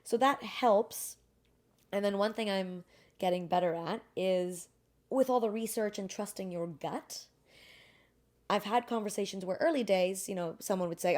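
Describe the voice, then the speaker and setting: Animated woman telling stories in an interview. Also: mid-range voice, moderate pace. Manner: animated, acts out quoted dialogue in shifting voices; candid and self-deprecating. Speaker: guest, beverage brand founder. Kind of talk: casual interview conversation.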